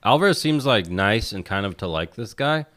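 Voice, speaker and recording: A man's voice: on the low side, expressive, normal speed, fairly bright tone. A man co-hosting a podcast in casual chat, blunt and candid, swearing freely. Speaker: podcast co-host.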